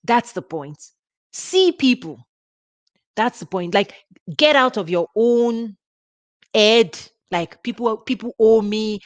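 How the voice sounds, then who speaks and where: A middle-aged woman hosting a ministry talk, speaking earnestly with repeated words and halting restarts. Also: a little high, no room sound. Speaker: ministry host. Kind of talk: casual teaching talk.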